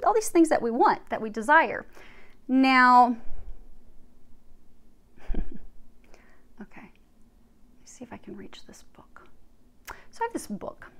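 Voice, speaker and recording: A woman, a spiritual healer, talking casually and animatedly before reading aloud from a book, with soft murmured asides. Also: on the high side.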